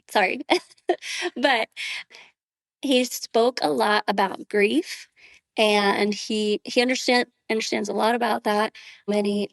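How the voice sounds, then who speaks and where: A woman's voice: mid-range voice, no echo. A woman guest on a podcast, giving a heartfelt personal faith testimony in an earnest way, with many "you know" fillers.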